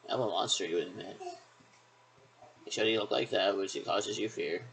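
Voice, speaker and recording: Gravelly man rambling in circles. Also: fairly low pitch, moderate pace, rough recording. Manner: repetitive, circling, hesitant. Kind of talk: rambling monologue.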